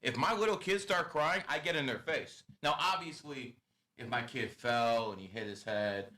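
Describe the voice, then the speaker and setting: A man's voice: mid-range voice, normal speed, pushed and bright. A man hosting a podcast, giving blunt and profane advice in a lecturing tone. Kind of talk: casual podcast talk.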